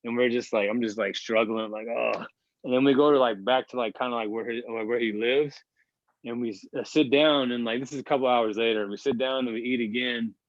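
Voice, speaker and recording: A man's voice: mid-range voice, steady tone, fairly quick, no echo. Man in his thirties, rambling storyteller, lots of fillers, profane, dry close sound, muffled lo-fi. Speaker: podcast guest, basketball player. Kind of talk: casual storytelling.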